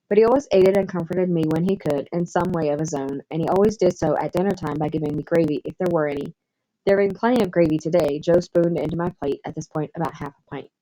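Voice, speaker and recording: A woman with a Southern US accent reading a classic novel aloud in measured, expressive scripted narration. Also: lowish voice, rough recording. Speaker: audiobook narrator.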